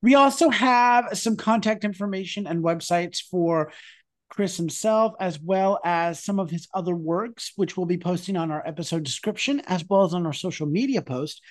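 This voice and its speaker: A man's voice: high-pitched, normal speed. A man hosting a theatre interview podcast, signing off in an upbeat, promotional way. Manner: upbeat, promotional sign-off delivery. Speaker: podcast host.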